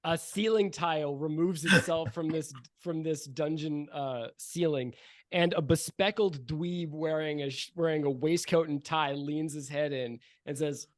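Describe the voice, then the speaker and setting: A man's voice: a little high, fairly even intonation, unhurried, no echo, clean studio sound. A man narrating as game master of a tabletop game, playful and slipping into character voices.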